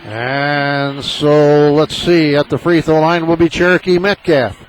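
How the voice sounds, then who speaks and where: A man calls a high school basketball game for a small local radio station, rooting openly for his team. His voice sits a little high and leaps up when the action heats up. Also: unhurried, rough recording. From southern Illinois. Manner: partisan, excitable, rises sharply on big plays. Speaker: play-by-play announcer.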